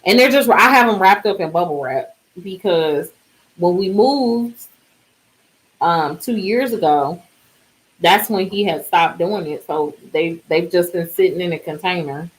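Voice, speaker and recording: A worn-out woman talks to her viewers in a loose, rambling way, trailing off and restarting her thoughts. Her voice sits a little low and sounds sleepy. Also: moderate pace, low-quality recording. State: exhausted, yawning. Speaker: DIY vlogger. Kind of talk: casual chat.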